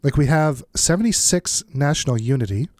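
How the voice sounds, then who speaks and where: A man's voice: medium pitch, animated, fairly quick, darkish tone, dry recording. A man with a stuffed-up nose giving casual, think-aloud commentary while playing a strategy game as the channel's host. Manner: thinks aloud, muttering asides. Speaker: let's play host.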